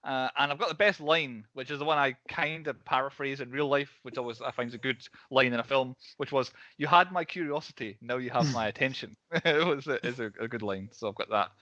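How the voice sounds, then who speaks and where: A man's voice: medium pitch, brisk, few pauses, bright, forceful tone, no echo, highs cut off. A man hosting a casual film podcast, laughing often as he moves through the categories. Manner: laughs often, runs the segments. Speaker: podcast host.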